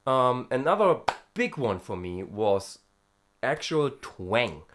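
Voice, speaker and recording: A European man who vlogs as a vocal student talks hesitantly and casually about vocal technique in a singing-lesson vlog, using many fillers and breaking off for short sound demonstrations. His medium-pitched voice swings widely in pitch and moves slowly, with noise in the background.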